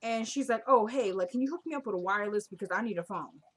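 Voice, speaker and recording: A woman's voice: mid-range voice, lively intonation, racing. A woman casually recapping a TV drama episode, retelling the scenes and quoting the characters in a chatty, opinionated way.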